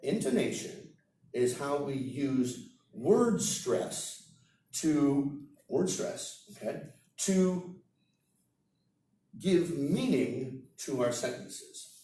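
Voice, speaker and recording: Slow-talking male teacher in an echoey room. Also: mid-range voice, animated, mellow. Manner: slow, demonstrative, repeats example sentences. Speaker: English teacher. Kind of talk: seminar lecture. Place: seminar room. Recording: roomy echo, heard from far off.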